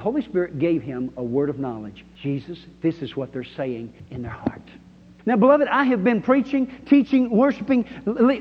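An emphatic male pastor with a high voice preaches to his congregation and draws calls and responses from them. His voice rings through a long hall reverb and comes across dull and lo-fi. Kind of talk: sermon. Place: church sanctuary.

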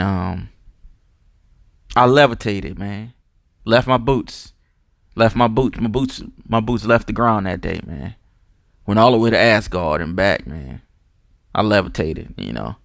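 New guy rambling on his podcast, lowish voice, cussing, lots of you know and restarts, dry close sound. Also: vocal fry, fairly bright tone, dry recording. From New Orleans. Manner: loose, profane, digressive, many restarts and fillers. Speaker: podcast host. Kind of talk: casual rambling monologue.

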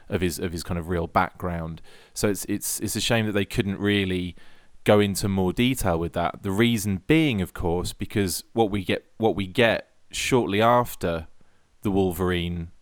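A low-pitched man chatting on a hobby podcast, wandering through his points and circling back on his own sentences. His voice sits dry and close on the mic, with no room around it. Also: no echo. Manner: rambling, restarts sentences, laughs often. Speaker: podcast co-host. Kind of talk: casual hobby podcast chat.

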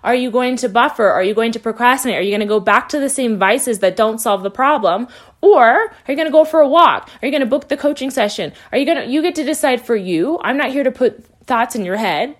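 A woman coach hosts her podcast in a reassuring monologue. She repeats key lines and slows down to stress them, then picks up speed again. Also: fairly high pitch.

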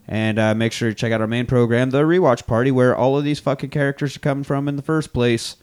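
A man's voice: mid-range voice, steady tone, fast, hardly any pauses, a little mellow, clean tone. A man co-hosting a podcast, chatting casually, rambling and swearing often. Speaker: podcast co-host. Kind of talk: casual chat.

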